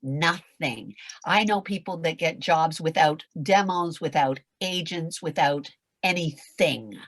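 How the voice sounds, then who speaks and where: An older woman with a raspy, nasal voice coaches voice actors with passionate, dramatic intensity. She swings from loud declarations to near whispers. Her tone sits low and husky, recorded dry with no room sound. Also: measured pace, no echo. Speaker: guest, voice acting coach. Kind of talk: motivational talk on a video call.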